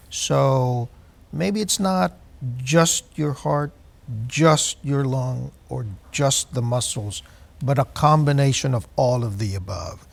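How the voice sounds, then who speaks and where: A man in his sixties, a doctor answering health questions on a TV call-in, slow and measured with many hesitant fillers. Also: medium pitch, gravelly.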